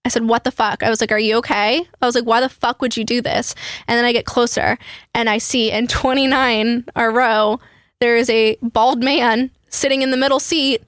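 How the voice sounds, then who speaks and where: A young woman telling a travel story in an animated, swearing, quick way as a podcast host. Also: on the high side, no echo, clean studio sound. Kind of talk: casual storytelling chat.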